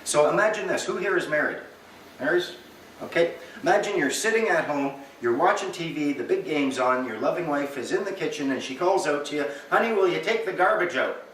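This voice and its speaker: Animated male lecturer in an echoey room. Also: a little high, fairly quick, a little hiss or hum. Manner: animated, acts out little dialogues with humor. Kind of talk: lecture to a live audience. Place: meeting room with an audience. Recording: echoey room, recorded from far off.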